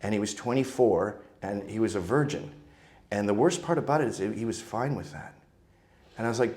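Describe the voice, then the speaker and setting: A man's voice: lowish voice, fairly quick. A man from Canada, a guest telling crude, comic anecdotes and slipping into voices for the people in his stories. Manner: animated, mimics voices in anecdotes.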